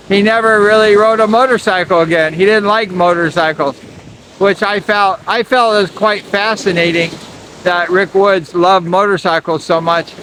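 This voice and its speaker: A man's voice: sits high, a bit bright, a little hiss or hum, rough recording. A man narrating a casual tribute, repeating his admiring praise. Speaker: channel host and narrator. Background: music.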